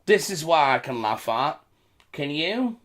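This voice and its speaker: A British vlogger rambles through a casual commentary, his fairly high, slightly bright voice moving in a sing-song way at a somewhat slow pace. He repeats himself and chuckles between remarks.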